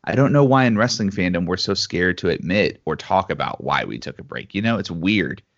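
A man's voice: deep voice, lively intonation, a little fast. A man co-hosting a casual podcast chat, thinking aloud with lots of fillers. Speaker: podcast co-host. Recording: slightly dull lo-fi audio.

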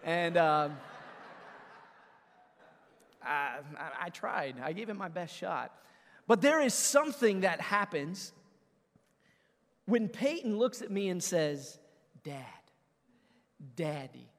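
High-voiced preaching man in a hall. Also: slow, long pauses. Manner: energetic, conversational preaching with audience call-outs. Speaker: pastor. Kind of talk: sermon. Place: church sanctuary.

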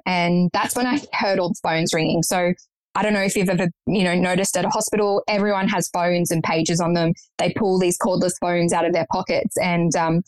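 A woman's voice: lowish voice, no room sound, low-quality recording. A young woman guest recounting a personal story in conversation, earnest and matter-of-fact.

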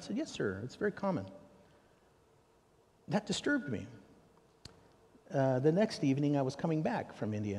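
An American man preaching, telling a story with animated quoted dialogue. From United States. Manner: animated, acts out dialogue with raised pitch for questions. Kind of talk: sermon storytelling. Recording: long reverb of a large hall.

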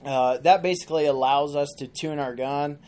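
A man as a podcast guest, telling a long joke in an animated, casual way. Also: on the high side, normal speed. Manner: animated storyteller.

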